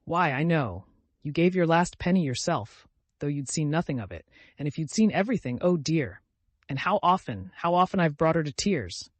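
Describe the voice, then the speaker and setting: A man's voice: a little high, expressive, moderate pace, no echo, pitched above the performer's own voice. A man voicing a timid, devout young woman who speaks in an earnest, pleading, distressed way.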